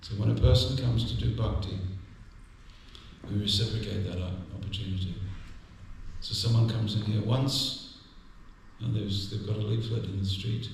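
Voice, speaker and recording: A man delivers a devotional class in a low, steady voice that barely rises or falls. He tells anecdotes with dry, gentle humor. He sounds distant from the mic, with strong echo from a large temple room and faint background hum. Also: normal speed, creaky. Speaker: visiting speaker giving a temple class. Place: temple hall. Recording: echoey temple room from far off.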